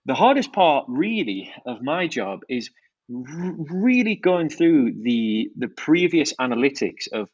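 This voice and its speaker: A man's voice: mid-range voice, sing-song, unhurried, no echo. Male guest, enthusiastic founder, dry and slightly dull recording. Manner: enthusiastic, fluent product talk with restarts. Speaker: watch brand founder, guest. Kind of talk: podcast interview.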